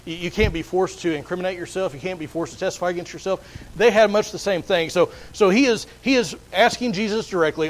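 A man's voice: sits high, quick pace, low-quality recording. A man preaching a sermon, explaining a Bible passage earnestly and often repeating words as he restarts. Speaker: pastor.

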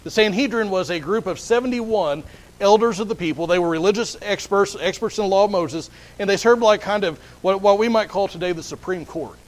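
A man's voice: high-pitched, a little fast, poor audio. A man preaching a sermon, explaining a Bible passage earnestly and often repeating words as he restarts. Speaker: pastor.

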